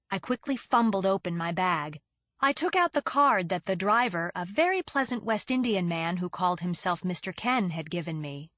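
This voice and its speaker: A woman reads a suspense audiobook with tense, dramatic delivery. Her pitch is middling for a woman. The sound is dry and somewhat dull, like a muffled studio booth. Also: a bit bright, no room sound. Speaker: audiobook narrator. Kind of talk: scripted thriller narration.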